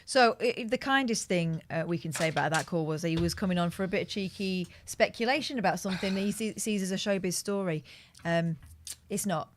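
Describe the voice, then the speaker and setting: A woman sits in as a guest on a talk show, making her points in a careful, earnest way. Her voice sits on the low side. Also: a little fast, a little hiss or hum. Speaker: guest co-host. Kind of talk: chat show discussion.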